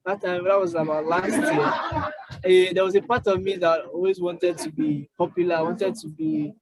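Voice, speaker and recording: A young Nigerian man telling his own story as an interview guest, halting with many fillers and restarts. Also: high voice, fairly even intonation, dry recording, a faint crowd, poor audio. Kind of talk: casual interview chat.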